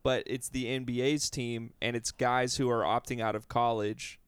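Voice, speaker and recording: A man co-hosting a podcast in a casual chat, talkative and explaining things quickly. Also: mid-range voice, level tone, clear, resonant tone, no room sound. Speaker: podcast co-host. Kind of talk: casual chat about basketball.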